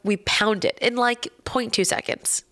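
A woman telling a story in casual podcast chat. She is animated, laughs often and acts out the voices of people she quotes. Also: a little high, measured pace.

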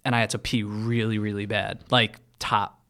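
A man on a podcast as a guest, chatting easily and making quick jokes. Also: on the low side, little pitch movement, a bit bright. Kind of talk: casual chat.

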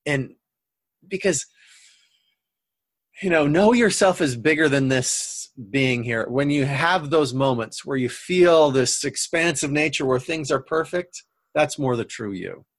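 Husky guy on a talk show, earnest, rambles with lots of ums, dry close sound. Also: on the high side, expressive, measured pace, dry recording. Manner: earnest, rambling with many fillers. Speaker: guest coach. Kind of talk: casual interview chat.

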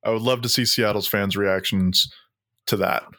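A man's voice: on the low side, fairly even intonation, normal speed, bright, forceful tone, dry recording, studio quality. A man on a podcast panel, chatting eagerly. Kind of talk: casual chat.

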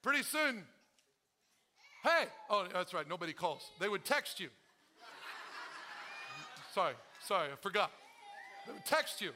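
A man's voice: high-pitched, very animated, unhurried, pauses often, bright, forceful tone. A male pastor preaching a sermon to his congregation, calling out to them and acting out the prayers he quotes. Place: church.

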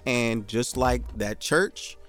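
A man's voice: mid-range voice, takes it slowly, fairly bright tone, soft background music. A man co-hosting a casual chat, blunt and indignant, swearing for emphasis.

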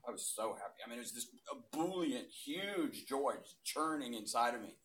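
Animated man telling his testimony. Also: mid-range voice, normal speed. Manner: animated storyteller, voice swinging from loud bursts to hushed asides. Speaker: speaker giving a testimony. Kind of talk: testimony talk to a live audience.

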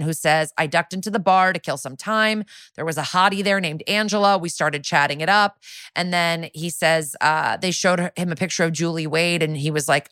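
A woman co-hosting a podcast, chatting casually as she recaps a TV episode, sarcastic and quick to act out lines in silly voices. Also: on the low side, fairly bright tone, no room sound, studio quality. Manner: chatty, sarcastic, acts out quotes in funny voices. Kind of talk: casual chat.

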